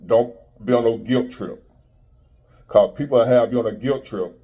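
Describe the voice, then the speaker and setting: A man's voice: lowish voice, normal speed, dull audio. A man in his fifties giving a blunt, preachy motivational monologue in street-style talk. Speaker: motivational speaker.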